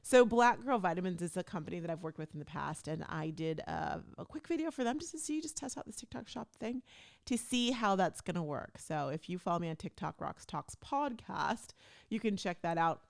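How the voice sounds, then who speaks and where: Brisk and lowish with audible vocal fry, this woman's voice carries her casual podcast, which she hosts herself. She's an adult stepmom who chats animatedly and acts out people's quoted words.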